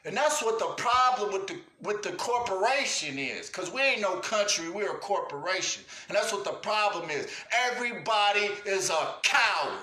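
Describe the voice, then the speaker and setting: A high, bright-voiced man ranting angrily on a livestream, cussing constantly in blunt street talk. The room is roomy and echoes around him. He jabs questions at his viewers and rarely lets up. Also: expressive, normal speed, few pauses. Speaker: livestream host. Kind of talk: profane livestream rant. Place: indoors at home.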